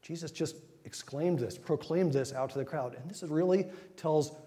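A man giving an informal sermon, retelling scripture in a conversational way with quick acted asides. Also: a little high, mellow. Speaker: preacher. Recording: long hall reverb.

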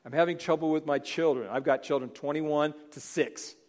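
A middle-aged man preaching a sermon, animated, acting out Bible figures in voices. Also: on the high side, moderate pace. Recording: long hall reverb.

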